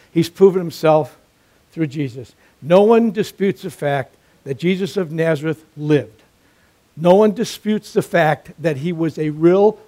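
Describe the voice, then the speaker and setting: A man's voice: on the high side, dark tone. A man preaching a sermon, emphatic and repetitive, weaving in a joke.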